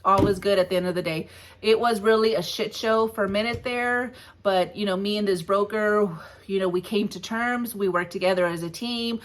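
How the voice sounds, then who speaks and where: A woman in her forties, a hotshot trucking business owner, casually retelling a tough rate negotiation in a lively, firm and blunt way, often laughing. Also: mid-range voice, normal speed. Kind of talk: casual storytelling vlog.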